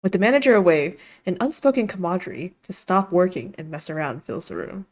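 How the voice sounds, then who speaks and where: A woman's voice: lowish voice, expressive, quick pace, a little mellow. A woman streamer reading a visual novel aloud on stream, giggly and laughing often between lines of narration.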